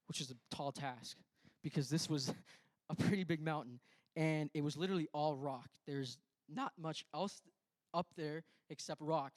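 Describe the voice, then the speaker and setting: Young guy telling his church story, lots of restarts, kinda high smooth voice. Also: no echo. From Canada. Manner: conversational, many restarts and quoted self-talk. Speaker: church speaker. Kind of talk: storytelling testimony.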